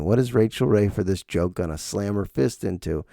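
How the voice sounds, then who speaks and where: A man's voice: mid-range voice, very animated, moderate pace, creaky, warm tone, dry recording, studio quality. A middle-aged man hosting a podcast in a rambling, self-deprecating comedic monologue. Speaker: podcast host.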